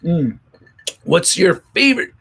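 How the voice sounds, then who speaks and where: A man's voice: high voice, big pitch swings, measured pace, creaky, a bit bright, husky. A man hosting a casual livestream, reading viewer comments and joking in a rambling, profane way. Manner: rambling, profane, jokey, many restarts. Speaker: toy collector channel host.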